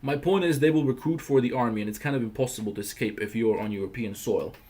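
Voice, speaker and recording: A man's voice: medium pitch, quick pace, darkish tone. A man from the Balkans hosting a livestream, answering viewer questions in a blunt, profane, emphatic rant. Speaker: livestream host.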